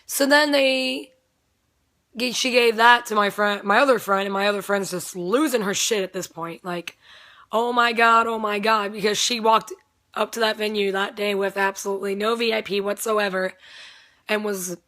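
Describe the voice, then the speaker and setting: A young woman talks through a long story in a loose, rambling way, cursing casually and breaking into laughter. Her voice sounds strained and not at full strength, and her pitch sits in an ordinary middle range. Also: steady tone, normal speed, fairly bright tone. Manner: rambling, swears freely, laughs often.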